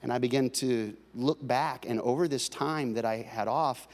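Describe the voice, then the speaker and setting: A male pastor preaching a sermon, swinging between loud, driving passages and quiet, confiding talk with his congregation. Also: medium pitch, moderate pace. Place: large church hall. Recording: long hall reverb.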